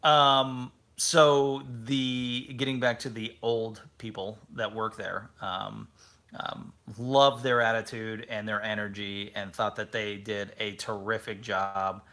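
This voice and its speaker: Bright-voiced man telling animated stories. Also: on the low side, slow pace. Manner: animated storytelling, acts out quotes. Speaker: podcast co-host. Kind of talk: casual chat.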